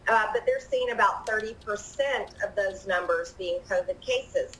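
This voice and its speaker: A woman's voice: medium pitch, moderate pace, fairly bright tone, low-quality recording. A woman speaking earnestly in a played-back clip, with faint noise behind. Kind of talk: earnest opinion statement.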